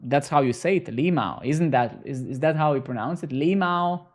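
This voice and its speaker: A man's voice: medium pitch, a little fast, a little mellow. A young man live-coding on stream, bantering sarcastically and swearing at his chat as he works.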